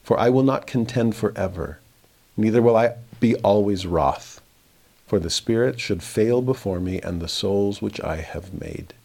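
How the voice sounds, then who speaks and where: Lower-voiced man teaching scripture. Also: vocal fry, a little mellow. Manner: reads verses slowly, then paraphrases with rising emphasis. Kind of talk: verse-by-verse scripture lesson.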